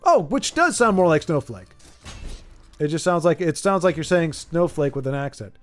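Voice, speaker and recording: Lively, playful man chatting. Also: fairly high pitch, normal speed, faint music behind. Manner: playful, rambling, laughs easily. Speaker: streamer. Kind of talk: casual chat while playtesting a card game.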